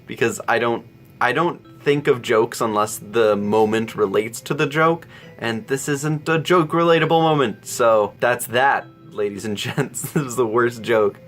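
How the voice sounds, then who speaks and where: A man's voice: mid-range voice, a little slow, fairly bright tone, faint music behind. A young man hosting a casual Q&A vlog, rambling and self-deprecating, chuckling often. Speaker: YouTube channel host.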